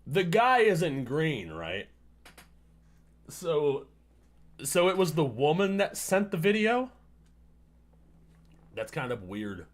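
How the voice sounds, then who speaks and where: Swearing, ranting streamer guy with lively pitch. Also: slow pace, pauses often. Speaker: livestream host. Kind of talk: casual reaction commentary.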